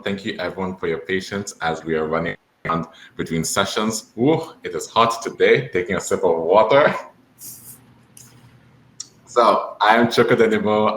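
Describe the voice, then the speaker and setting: A young man with a French Albertan accent moderating a virtual panel, animated, expressive and earnest. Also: sits low, reverberant, a little hiss or hum, poor audio. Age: young adult.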